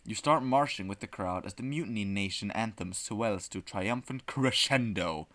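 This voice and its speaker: A man hosting a comedy podcast, reading a text adventure aloud in an animated, profane way and often breaking into laughter. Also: lowish voice, normal speed. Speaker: podcast host playing a text game.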